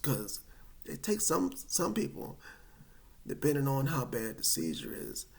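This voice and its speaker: A man telling a personal story to camera in a casual, animated, rambling way. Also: medium pitch, unhurried, gravelly. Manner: animated, colloquial, rambling with restarts.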